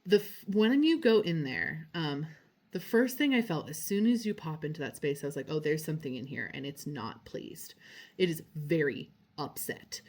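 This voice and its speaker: A low-voiced woman narrates a travel vlog as a psychic tour guide. She talks in a casual, gushing way and drops in slang and fillers. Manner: chatty and enthusiastic, with frequent "like" and slang.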